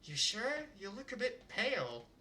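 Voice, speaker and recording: A man voicing a gentle, caring mother of a teenager in a soft, soothing tone, while reading a visual novel aloud. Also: high-pitched, wildly swooping pitch, unhurried, voice pushed up, full character voice. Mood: concerned.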